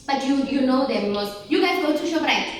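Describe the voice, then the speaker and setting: A woman giving an animated motivational workshop talk to teenage girls, asking them questions and calling for their replies. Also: sits high, moderate pace. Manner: animated, asks the audience questions and calls for replies. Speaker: workshop speaker for teen girls. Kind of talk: motivational talk to a live group. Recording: very echoey room, voice from far off, faint noise.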